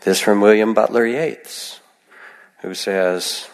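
Male meditation teacher, gentle and reflective; very low gravelly voice, long hall reverb. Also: moderate pace. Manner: gentle, reflective, with soft acted asides. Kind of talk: dharma talk.

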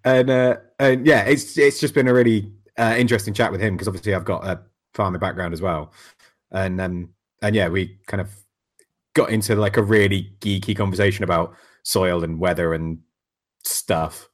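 A man's voice: sits low, steady tone, moderate pace. A man co-hosting a podcast, chatting in a laid-back way, swearing casually and laughing often. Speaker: podcast co-host, blacksmith. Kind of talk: casual chat.

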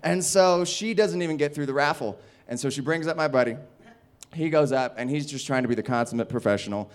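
A stand-up comedian, a man, telling a rowdy story in casual, animated speech with laughter and swearing. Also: medium pitch, a little fast.

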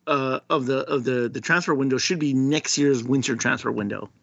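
Male podcast co-host, steady explainer, muffled dry recording. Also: medium pitch, normal speed, vocal fry, no room sound. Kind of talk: casual soccer talk. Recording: dull lo-fi, dry sound.

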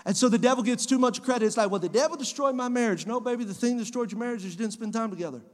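High-voiced pastor preaching in a reverberant hall. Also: male voice, steady tone, very fast. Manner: preachy, repeats phrases, rising to shouts. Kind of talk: sermon. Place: church sanctuary.

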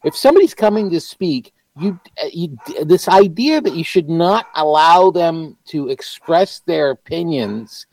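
Man, podcast co-host, sarcastic dry wit, animated higher-ish voice, dry close sound. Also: unhurried, vocal fry, few pauses, no room sound, low-quality recording. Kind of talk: casual chat.

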